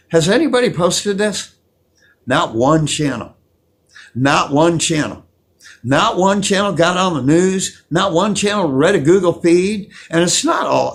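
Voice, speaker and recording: Gravelly, animated man ranting. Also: on the high side. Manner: preachy, combative, repeats himself for emphasis. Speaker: channel host. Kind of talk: casual ranting vlog.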